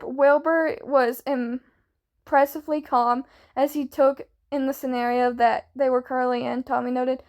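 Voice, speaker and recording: A woman's voice: high voice, fairly even intonation, measured pace, darkish tone. A young woman reading a fanfiction story aloud in a casual way, often stumbling and restarting words. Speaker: fanfiction reader.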